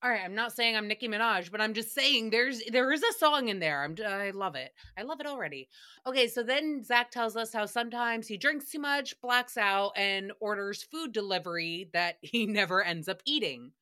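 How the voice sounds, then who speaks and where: A woman hosts a solo recap podcast in a fairly high, bright, forceful voice. She talks in a chatty, profane way, often laughing and acting out stories with drama. Her delivery is loose and unfiltered. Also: expressive, normal speed. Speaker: podcast host.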